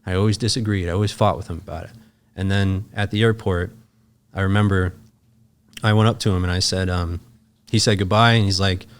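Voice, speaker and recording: A man's voice: sits low, brisk, clear, resonant tone. A young man, a podcast guest, telling a personal story in casual talk, emotional and profane, acting out the other people's lines as he goes. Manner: emotional, profane, animated retelling with quoted dialogue.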